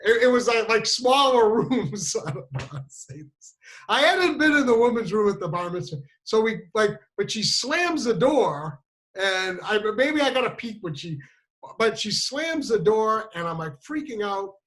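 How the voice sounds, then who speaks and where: Guy telling an awkward story on himself, kinda high bright voice, stumbles and restarts a lot. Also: very animated, poor audio. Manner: halting, with many restarts and fillers; self-mocking. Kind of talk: comic personal storytelling.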